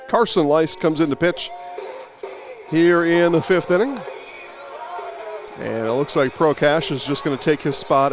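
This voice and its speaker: Higher-voiced baseball play-by-play man. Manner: excited on big plays, with fillers. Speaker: play-by-play announcer.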